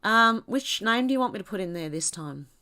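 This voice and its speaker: A woman speaks briskly and expressively in a medium-pitched, sharp-toned voice with an Australian accent. Hosting a casual livestream with a cold-clogged nose, she reads viewers' comments aloud, chats and rambles, and laughs often.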